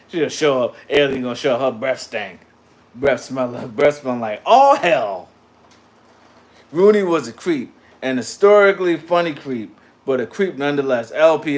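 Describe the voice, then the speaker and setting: A man hosting a casual livestream, talking back to his chat in a loose, slangy, animated way. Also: a little high, moderate pace. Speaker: livestream host reading chat.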